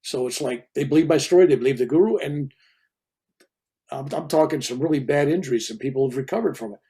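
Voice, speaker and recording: An older man in his seventies, a reverend, telling a personal story in a loose, animated way and acting out the people in it. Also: mid-range voice, fast, slightly rough. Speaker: reverend and guest speaker. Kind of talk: casual storytelling interview.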